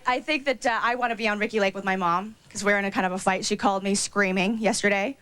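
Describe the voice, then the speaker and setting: A woman doing a stand-up routine on stage, gossipy and quick with asides and fillers. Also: mid-range voice, steady tone, a little hiss or hum. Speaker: stand-up comedian.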